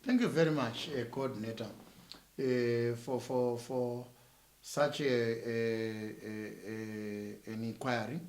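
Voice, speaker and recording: A man's voice: mid-range voice, fairly even intonation, slow, a little mellow, reverberant. A man with a Zimbabwean accent, a church minister answering interview questions in an emphatic, sermon-like way, repeating phrases with rising force.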